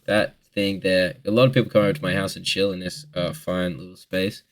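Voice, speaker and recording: A man's voice: deep voice, fairly even intonation, fairly quick. A twenty-year-old Australian man answering viewer questions in a rambling, joking casual chat, swearing freely.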